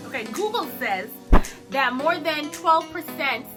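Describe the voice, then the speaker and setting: A young woman vlogger telling a personal story to camera in a casual, animated way, acting out what she said. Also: high voice, unhurried, over music. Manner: animated, acts out her own lines with laughs.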